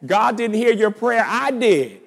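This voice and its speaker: A male preacher voicing a wicked old atheist man who loudly taunts and gloats, in a reverberant church hall. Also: fairly low pitch, big pitch swings, slow, exaggerated voice. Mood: gloating. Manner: loud mocking taunts.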